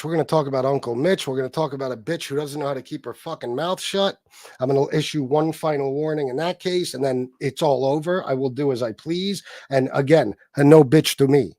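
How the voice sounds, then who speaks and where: A man hosting a live stream, reading the chat aloud and giving shout-outs, swearing heavily in a combative, angry way. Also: on the high side, brisk, dry recording, clean studio sound. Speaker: livestream host reading chat.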